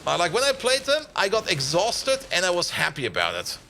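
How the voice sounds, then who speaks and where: A man's voice: high-pitched, wildly swooping pitch, brisk, creaky, sharp tone, a little hiss or hum. A man streaming a game, chatting casually with viewers, laughing often and greeting them by name. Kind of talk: casual live-stream chat.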